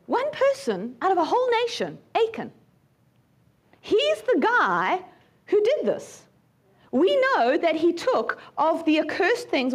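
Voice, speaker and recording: High, lively-voiced woman preacher. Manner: animated, acts out voices in dramatic retellings. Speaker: prophet and teacher. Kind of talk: sermon Bible teaching.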